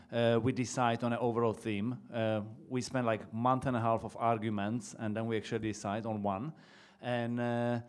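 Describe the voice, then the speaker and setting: Relaxed joking man on a panel. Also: mid-range voice, smooth. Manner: relaxed, joking, hesitant fillers. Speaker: panel guest, bartender. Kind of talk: live panel talk.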